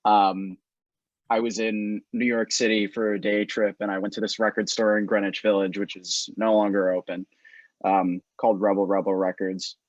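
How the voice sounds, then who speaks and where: A man's voice: fairly low pitch, little pitch movement, moderate pace, dry recording. Man in his twenties, lo-fi. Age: 20s. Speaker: band member. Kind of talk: casual storytelling in interview. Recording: dry, dull lo-fi.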